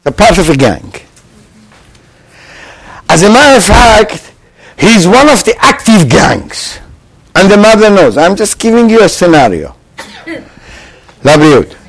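A man teaching a Torah lesson to a live class. He quizzes his listeners with rhetorical questions and swings between loud emphasis and hushed asides. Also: high voice, sing-song, slow, pauses often, slightly rough, rough recording. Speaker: religious teacher.

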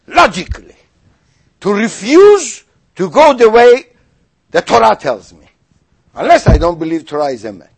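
A man giving a sermon, acting out skeptics' questions in a raised voice and sinking to quiet asides. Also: high voice, normal speed, pauses often, breathy edge. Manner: animated, voices mock objections then drops to quiet asides. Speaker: rabbi.

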